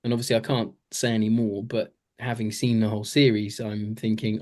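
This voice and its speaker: A man's voice: lowish voice, level tone, fairly quick, a little mellow. A man co-hosting a podcast, reviewing a TV series in casual, enthusiastic chat full of fillers. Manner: chatty, filler-heavy, enthusiastic. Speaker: podcast co-host.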